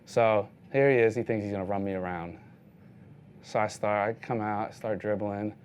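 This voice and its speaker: Speaking at a normal pace in a lowish, somewhat dark voice with a little hiss or hum, a thirty-something street photographer tells loose stories in a casual talk. He peppers them with "like" and performs other people's lines as he recounts his encounters.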